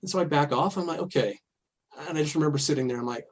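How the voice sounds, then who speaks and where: A middle-aged man speaks candidly about a hard chapter of his life, halting and restarting as he goes. His voice sits a little high for a man, and he breaks into soft laughs now and then. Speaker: podcast guest. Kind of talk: candid personal storytelling.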